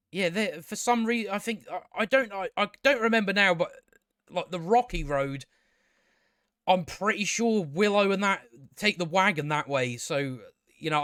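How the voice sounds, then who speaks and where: A man's voice: high voice, bright, forceful tone, no echo, clean studio sound. A man casually reviewing a show, exasperated and sweary, rambling with many restarts.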